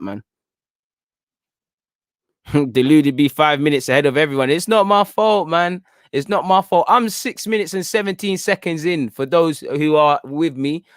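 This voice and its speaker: This young man's voice sits on the high side as he hosts a football watchalong, offering chatty live fan commentary and begging players and the referee as play continues. The sound is clean studio quality without echo.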